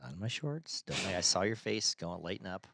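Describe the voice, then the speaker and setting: A man's voice: low-pitched, expressive, brisk, gravelly, a bit bright. A middle-aged man co-hosting a casual podcast chat, rambling and often stumbling over his words. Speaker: podcast co-host.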